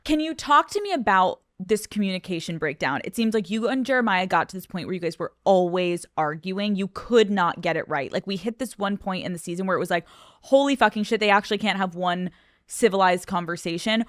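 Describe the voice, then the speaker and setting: A woman's voice: mid-range voice, expressive, fairly quick, dry recording, clean studio sound. A woman hosting a podcast, asking interview questions in a blunt, casual way with some swearing. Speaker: podcast host.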